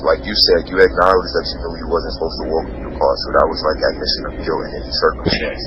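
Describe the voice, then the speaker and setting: A very low-voiced man in casual conversation, talking loosely with slang and cursing. His voice sounds dull and lo-fi, with clear noise running behind it. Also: little pitch movement, fast. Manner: loose, laid-back, profane slang. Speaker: podcast guest, educator.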